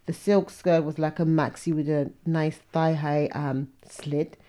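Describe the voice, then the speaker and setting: A woman's voice: sits low, little pitch movement, a little slow, warm tone. A woman hosting a podcast, chatting casually with frank, opinionated asides. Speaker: podcast host. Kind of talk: casual chat about awards and fashion.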